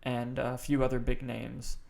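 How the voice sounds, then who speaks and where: A man's voice: medium pitch, flat delivery, unhurried, creaky, a little mellow. A man co-hosting a movie podcast, talking in a loose, enthusiastic way with plenty of swearing and fillers. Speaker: podcast co-host. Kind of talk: casual chat.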